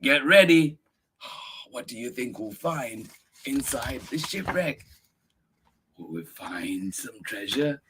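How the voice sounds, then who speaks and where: Reading a picture book to children, a man hosting story time speaks slowly and expressively in a mid-range voice, leaving long pauses. He exclaims often and quizzes the kids, with background noise underneath.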